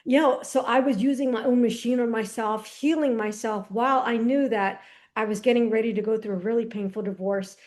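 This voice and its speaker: Woman guest, lively storyteller, high voice, casual slang, acts out conversations. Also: fairly quick. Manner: animated storyteller who acts out dialogue. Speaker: podcast guest. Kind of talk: personal testimony in casual conversation.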